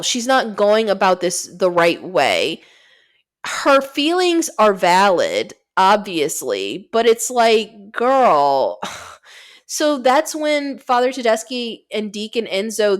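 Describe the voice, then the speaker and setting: A woman co-hosting a podcast, recapping a movie in casual chat, cursing freely and jumping into quick asides. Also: mid-range voice. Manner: profane, animated retelling with quick asides. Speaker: podcast co-host.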